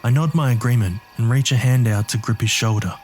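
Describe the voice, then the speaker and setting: A man's voice: medium pitch, a little fast, darkish tone, slight background noise. A man narrating a horror story in the first person with a gritty, streetwise delivery.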